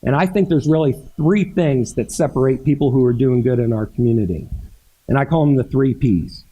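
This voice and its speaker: A retired man from Frederick County giving an earnest keynote speech at an awards event, talking with frequent halting restarts. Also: mid-range voice, warm tone, husky, lo-fi sound. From Frederick County, Maryland. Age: older. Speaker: keynote speaker.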